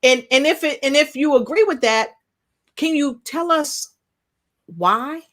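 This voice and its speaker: Lively woman hosting a live talk show. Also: high voice, unhurried. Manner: lively, playful, addresses viewers directly. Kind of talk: live online interview show.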